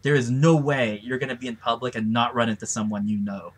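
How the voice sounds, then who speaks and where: Male host, chatty and laughing, mid-pitched voice. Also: fairly even intonation, brisk. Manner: laughs often, rambling anecdotes. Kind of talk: casual chat.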